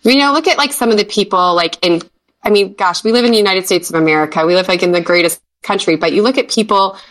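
A woman's voice: mid-range voice, fast, fairly bright tone. A woman guest, a mother of twins, sharing personal stories in a chatty, reflective way full of "like".

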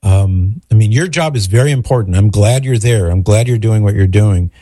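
A man hosting a call-in radio show, asking earnest, halting questions and taking callers. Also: lowish voice, dark tone, dry recording.

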